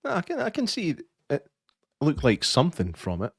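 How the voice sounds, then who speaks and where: Scottish male co-host, animated and somewhat high, laughing sweary anecdotes. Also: normal speed, creaky, husky, no room sound, studio quality. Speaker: podcast co-host. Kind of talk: casual chat.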